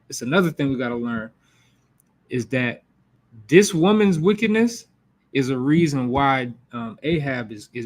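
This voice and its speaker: A man teaching a Bible class in a casual, slangy way, acting out the quotes as he goes. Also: medium pitch. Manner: animated, slangy, acts out quotes.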